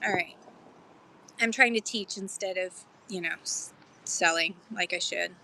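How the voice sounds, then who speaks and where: A woman running a lively live-stream pottery auction outdoors in a park, chatty and excitable, explaining pieces between bids. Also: fairly low pitch, measured pace, poor audio. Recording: faint outdoor background noise.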